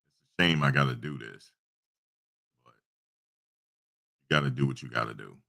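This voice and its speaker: A man with a very deep, gravelly voice that sounds pushed and bright hosts a YouTube livestream at a normal pace. He chats casually through a story, repeating himself and preaching a little along the way.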